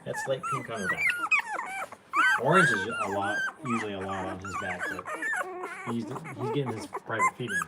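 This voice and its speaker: A woman's voice: low-pitched, wildly swooping pitch, normal speed, very noisy. A woman chatting casually at home while tending a litter of puppies, cooing and scolding them between remarks. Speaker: co-host, puppy breeder. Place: indoors at home, by a puppy pen. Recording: loud puppy whimpering behind. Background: puppies whining and whimpering.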